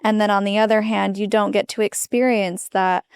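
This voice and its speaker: A woman's voice: mid-range voice, little pitch movement, normal speed, clear, resonant tone, no echo. A woman host asking thoughtful, probing questions in an interview. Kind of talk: interview conversation.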